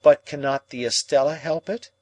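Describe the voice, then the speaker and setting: A man's voice: on the high side, fairly even intonation, normal speed, no room sound, voice pushed up, lightly acted. A male audiobook reader playing an anxious young man who pleads insistently, his voice raised and emphatic, in a dry recording. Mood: pressing.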